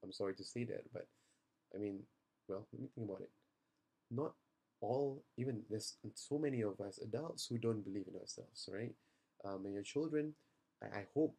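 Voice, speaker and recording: A tired young man with a fairly low voice speaks earnestly to parents after a youth seminar. He reassures them in a plain, personal way, full of ums and restarts. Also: vocal fry, warm tone, slightly rough. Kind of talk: video message to parents.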